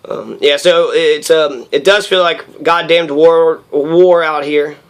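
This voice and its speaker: A man's voice: fairly high pitch, slow pace. A man in his thirties in a raw, rambling personal monologue, profane and heated, with many fillers. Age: 30s.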